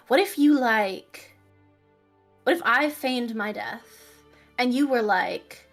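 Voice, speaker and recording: A woman's voice: fairly high pitch, faint music behind. Giggly woman at a game table. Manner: giggly, quick to laugh. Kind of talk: casual table talk between players.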